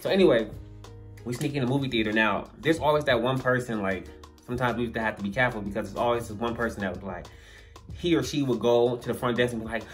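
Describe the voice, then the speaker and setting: Give me a lively young man telling a story, with faint music behind him. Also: mid-range voice, quick pace. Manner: lively, slangy, laughs through the story. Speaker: storyteller vlogger. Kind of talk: casual story-time monologue.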